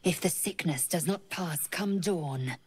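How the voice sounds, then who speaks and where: An actress voicing a fierce, proud githyanki warrior woman who makes slow, grim threats in video game dialogue. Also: fairly low pitch, a little hiss or hum, natural voice. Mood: menacing.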